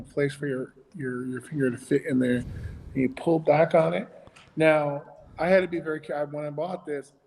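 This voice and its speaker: A man's voice: fairly high pitch, darkish tone, big-room sound, a little hiss or hum, poor audio. A man co-hosting a casual chat about children's ministry puppetry, talking in a rambling way with many restarts.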